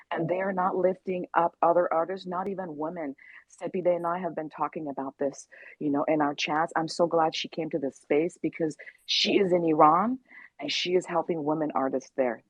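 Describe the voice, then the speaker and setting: A woman's voice: deep voice, fairly even intonation, moderate pace, breathy edge, no echo, poor audio. A woman speaking passionately and emotionally in a casual audio chat, often repeating herself. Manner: impassioned, emotional, repeating phrases. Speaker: guest speaker. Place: in America.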